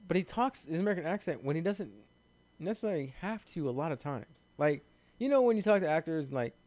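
A man's voice: on the high side, lively intonation, fast talker, a little mellow, no room sound. A man co-hosting a casual podcast chat, loose and profane, laughing often as he talks. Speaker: podcast co-host.

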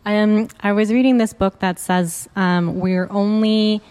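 A woman's voice: medium pitch, steady tone, measured pace, darkish tone, smooth. A woman in casual conversation, reflectively passing on something she read.

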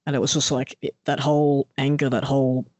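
A man in casual conversation recalling stories lively, with many small restarts. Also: mid-range voice, fairly quick, no room sound. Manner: animated storyteller who acts out quoted voices.

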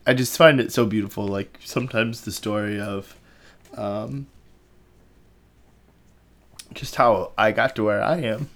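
A man's voice: lowish voice, steady tone, unhurried, long pauses, fairly bright tone. A young man hosting a podcast, interviewing his mother in a rambling, emotional way. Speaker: podcast host. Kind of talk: casual interview.

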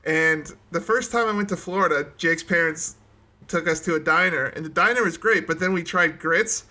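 A man's voice: fairly high pitch, moderate pace, bright, forceful tone. A man co-hosting a podcast, telling easygoing personal stories. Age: 20s or older. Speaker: podcast co-host. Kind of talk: casual chat.

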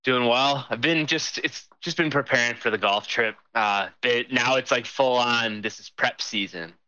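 Bright, crisp-voiced man on a lo-fi mic. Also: mid-range voice, moderate pace, no echo. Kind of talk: casual chat. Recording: dull lo-fi mic.

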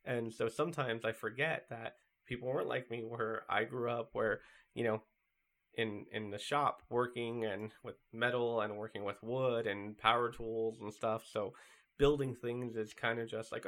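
A man's voice: medium pitch, steady tone, normal speed, a bit bright. Man, sermon, conversational, storytelling, casual fillers. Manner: conversational, storytelling with acted quotes.

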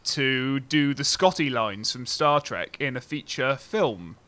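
A man's voice: medium pitch, lively intonation, takes it slowly, sharp tone. A man hosting a podcast interview, stumbling over his words and laughing. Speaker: podcast host. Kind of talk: casual interview chat.

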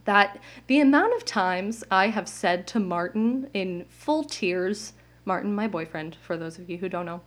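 A young woman hosting her own podcast, talking candidly and at length, full of "like" fillers and quick laughs. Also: medium pitch. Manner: candid, rambling, many "like" fillers, laughs often. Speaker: podcast host. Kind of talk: casual solo podcast monologue. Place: home, indoors.

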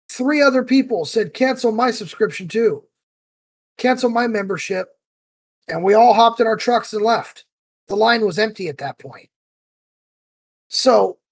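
A man co-hosting a podcast, telling a story with lively, heated acted-out quotes. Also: sits high, husky, dry recording. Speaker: podcast co-host. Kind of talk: casual chat.

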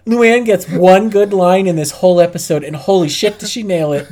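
A woman's voice: lowish voice, moderate pace, warm tone. A woman co-hosting a podcast in casual chat, laid-back and wry. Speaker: podcast co-host.

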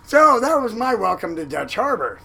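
A man telling a long story in an interview about his time as a fishing boat cook, animated and acting out the lines of others. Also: high voice, normal speed, creaky, a crowd in the background, poor audio. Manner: animated, acts out quoted lines loudly.

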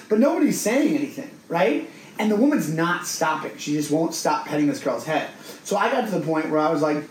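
A man with a somewhat high voice tells a story in a loose, chatty way and slips into the voices of the people in it. He is recorded in an echoey room, with a faint hiss underneath. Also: fairly quick. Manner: animated storyteller who acts out other people's voices. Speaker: podcast co-host. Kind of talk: casual storytelling chat.

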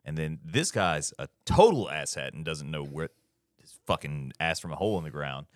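A man's voice: extremely low pitch, animated, normal speed, no echo, studio quality. A man co-hosting a casual podcast, giving blunt, profane opinions. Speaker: podcast co-host. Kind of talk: casual chat.

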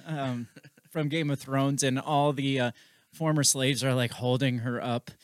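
A man's voice: mid-range voice, fairly even intonation, measured pace, no echo, studio quality. A man co-hosting a podcast in casual chat, talking with a wry, sarcastic edge. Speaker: podcast co-host.

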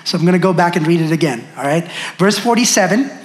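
A pastor giving a sermon in a church, slowing down hard to stress key phrases and hurrying through quick asides to the congregation. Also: medium pitch, expressive. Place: church sanctuary. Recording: echoey hall with long reverb.

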